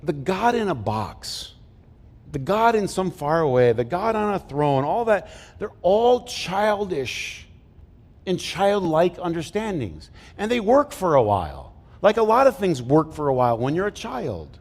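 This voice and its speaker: Middle-aged guy preaching, slightly high voice, jokey, keeps asking the crowd stuff, long echoey church reverb. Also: very animated, a little slow, darkish tone. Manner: conversational, jokey, asks the congregation questions. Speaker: pastor. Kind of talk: sermon.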